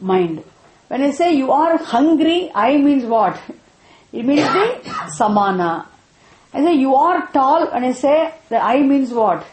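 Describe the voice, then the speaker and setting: Female teacher, drills points with questions, bright-ish pitch, reverberant room. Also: lively intonation, takes it slowly, slight background noise. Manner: repetitive, checks students with frequent questions. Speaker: spiritual teacher. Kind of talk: interactive scripture class. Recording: echoey room.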